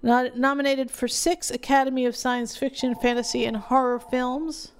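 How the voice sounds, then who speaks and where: A woman's voice: high voice, little pitch movement, normal speed, a little hiss or hum. A woman co-hosting a casual film podcast, rambling through award lists with lots of fillers. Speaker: podcast co-host. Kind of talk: casual film review chat.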